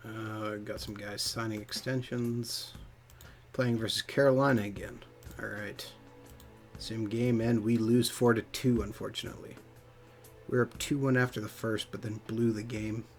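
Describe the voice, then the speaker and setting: A man's voice: on the low side, measured pace, faint music behind. A man casually talking through his moves in a hockey management game on a stream, muttering as he reads results. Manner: relaxed, muttering play-by-play of menus. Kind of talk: casual commentary over gameplay.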